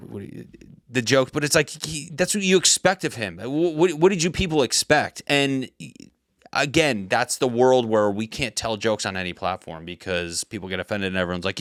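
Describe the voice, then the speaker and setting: Man in his thirties, comedy podcast host, rambling heated rant, smooth lowish voice, dry close mic. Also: fairly bright tone, dry recording.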